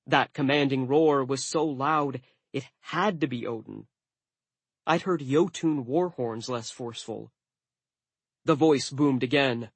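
A man's voice: mid-range voice, dry recording. Man narrating an audiobook, dry and wry. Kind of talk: first-person audiobook narration.

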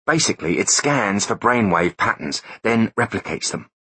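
A man's voice: on the low side, expressive, moderate pace, pushed and bright, breathy edge, no echo, pitched above the performer's own voice, exaggerated voice. A man voicing a smug, wisecracking male technical expert in an audiobook. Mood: explaining. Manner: boastful, wisecracking. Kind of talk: audiobook character voice.

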